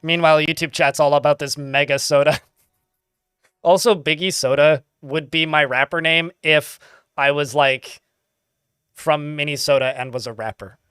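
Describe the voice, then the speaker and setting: A man's voice: a little high, steady tone, moderate pace, fairly bright tone, smooth, no echo, studio quality. A man chatting casually while livestreaming a game, rambling with lots of filler words. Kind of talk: casual live gameplay chat.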